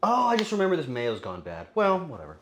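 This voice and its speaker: A man streaming casually while cooking and tasting, joking crudely and bursting into loud exclamations. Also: on the high side, huge pitch swings, fast, slight background noise. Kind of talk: casual cooking livestream chatter.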